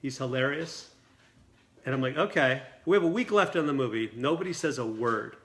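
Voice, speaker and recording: A man, a film director and guest, telling a lively anecdote at a dinner table interview. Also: medium pitch. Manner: quick, lively storytelling with acted quotes.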